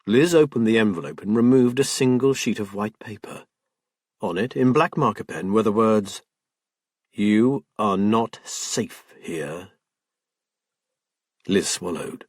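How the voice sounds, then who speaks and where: Husky-voiced man narrating a crime novel. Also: fairly low pitch, no echo, studio quality. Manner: measured storytelling. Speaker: audiobook narrator. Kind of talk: scripted narration.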